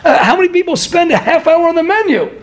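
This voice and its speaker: A man's voice: extremely high pitch, lively intonation, fast talker. A man teaching a Torah class, telling stories, asking his listeners rhetorical questions and chuckling through his digressions. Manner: asks the audience rhetorical questions.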